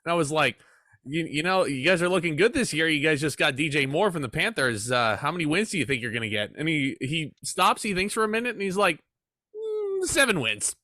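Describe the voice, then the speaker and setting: A man's voice: a little high, animated, fast, sharp tone, no room sound, studio quality. A man hosting a podcast in casual chat, telling anecdotes with enthusiasm. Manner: enthusiastic, swoops through impressions. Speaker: podcast host.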